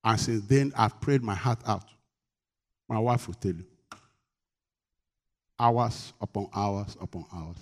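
Taking it slowly with long pauses, a man preaches a sermon as pastor. He's emphatic, uses call-and-response questions with the congregation, and his voice climbs in pitch and volume in bursts.

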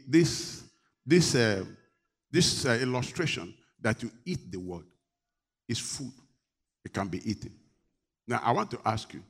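A middle-aged man from Nigeria preaches to his congregation. His voice sits fairly high, and he keeps things animated, joking and teasing the people as he teaches. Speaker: pastor. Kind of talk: sermon.

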